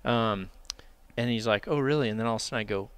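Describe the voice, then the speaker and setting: Man telling a hunting story, smooth voice. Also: fairly low pitch, fast, no echo. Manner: animated, acts out dialogue, laughs while telling. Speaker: podcast guest, bowhunter. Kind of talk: casual storytelling.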